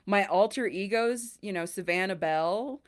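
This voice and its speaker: A woman's voice: medium pitch, measured pace. A woman hosting a podcast, telling stories in a casual chat and acting out the voices she quotes. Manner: animated, acts out quoted voices. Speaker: podcast host.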